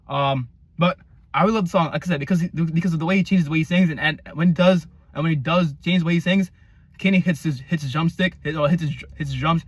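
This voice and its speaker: A man giving a casual album review, rambling and excitable, with lots of fillers and the odd swear. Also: fairly high pitch, no echo. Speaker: music reviewer.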